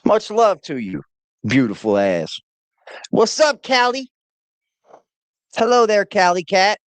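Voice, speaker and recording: Animated woman greeting a livestream chat. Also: medium pitch, slow, no echo. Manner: greets chatters by name, animated and playful. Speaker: livestream host.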